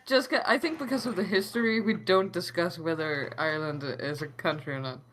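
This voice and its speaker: A man co-hosting a casual podcast, delivering jokes in a dry, deadpan way. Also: a little fast, a little hiss or hum. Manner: dry, deadpan, low-key. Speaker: podcast co-host.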